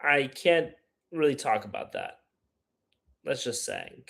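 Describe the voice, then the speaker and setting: A man's voice: mid-range voice, huge pitch swings, takes it slowly, creaky, a bit bright. A man hosting a casual live stream, rambling and opinionated as he reads chat aloud and answers it. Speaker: livestream host.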